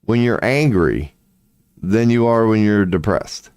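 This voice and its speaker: A man's voice: on the low side, measured pace, darkish tone, smooth, no room sound, clean studio sound. A tired man rambling indoors at home in a late-night vlog, profane, slangy and laughing at himself. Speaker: vlogger.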